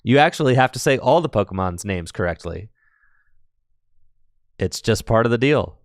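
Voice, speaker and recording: A man's voice: fairly low pitch, animated, normal speed, no room sound, clean studio sound. A man casually commentating a card game tournament on a live stream, chatty and playful, laughing often and answering the chat.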